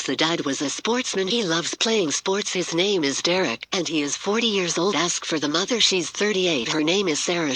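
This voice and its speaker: A man's voice: on the high side, bright, forceful tone, breathy edge, no echo, low-quality recording. A man telling an improvised story in a rambling, muddled way, often correcting himself.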